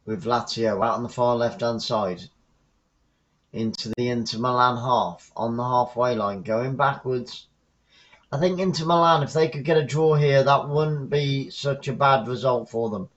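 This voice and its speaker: A man from the south coast of England with a Southern English accent, giving chatty live football commentary as a fan, shouting on goals. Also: medium pitch, measured pace, highs cut off.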